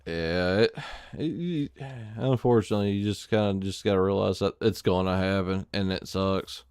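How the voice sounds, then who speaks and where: A man's voice: low-pitched, moderate pace, darkish tone, clear, resonant tone, no room sound, studio quality. A man with an Alabama Southern accent, live streaming a survival game and chatting casually in a rambling, filler-heavy way. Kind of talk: casual chat while gaming.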